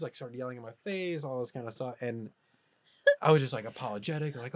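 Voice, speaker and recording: A man's voice: medium pitch, fast, dry recording. Man telling a story, dry close sound. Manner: animated storytelling, bursts of laughter. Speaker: podcast co-host. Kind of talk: casual storytelling chat.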